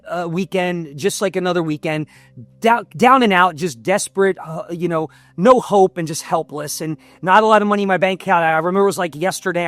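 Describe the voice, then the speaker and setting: Man, high voice, emotional storytelling, dry close sound, faint music underneath. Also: dry recording. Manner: intense, heartfelt, builds to shouts at peaks. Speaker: podcast guest, performance coach.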